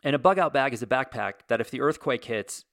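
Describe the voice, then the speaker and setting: A man's voice: medium pitch, expressive, brisk, creaky, fairly bright tone, no room sound, clean studio sound. A man in his forties hosting a casual solo monologue, telling stories in a wry, sarcastic way with comic exaggeration.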